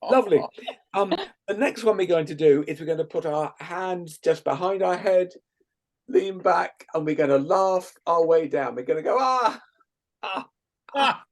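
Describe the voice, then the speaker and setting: A man leading a guided laughter exercise over a video call, playful and gently coaxing, often laughing. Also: a little high, normal speed. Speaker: laughter workshop leader.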